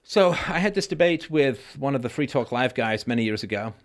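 A male host with an expressive, trained voice, answering viewer comments in a live-stream Q&A with a conversational manner and halting restarts. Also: mid-range voice.

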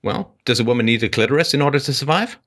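Rapid-fire delivery marks this man hosting a call-in show, who lectures a caller with force, breaks in on him, and jumps his pitch upward to stress his arguments.

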